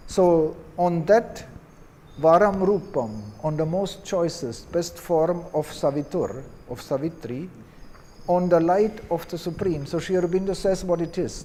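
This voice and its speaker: A man teaching Vedic chanting who explains gently and drops in many "you see" asides. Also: fairly high pitch, a little hiss or hum.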